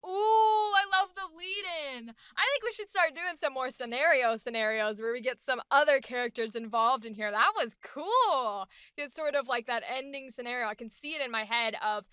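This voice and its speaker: A young adult woman hosting a casual voice acting vlog, talking in an animated, enthusiastic way. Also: a little high, moderate pace, hardly any pauses, clean tone, no echo, studio quality. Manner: animated, enthusiastic, filler-heavy talk. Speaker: voice actor and host.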